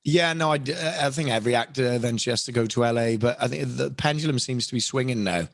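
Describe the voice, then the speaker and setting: A man's voice: mid-range voice, fast, vocal fry, dry recording. Chatty British man, dry close sound. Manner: chatty, candid, many restarts and asides. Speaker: voice actor and impressionist, podcast guest. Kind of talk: casual podcast interview. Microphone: podcast microphone.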